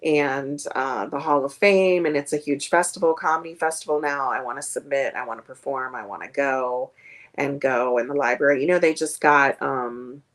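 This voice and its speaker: A woman's voice: very deep voice, normal speed. A woman comedian chatting as a guest on a streamed video call, rambling with many fillers. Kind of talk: casual interview chat.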